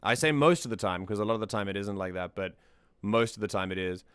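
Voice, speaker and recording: A man's voice: lowish voice, fast, a bit bright, smooth, no echo. A man hosting a music analysis stream, talking things through in a thoughtful, casual way and often repeating words as he thinks.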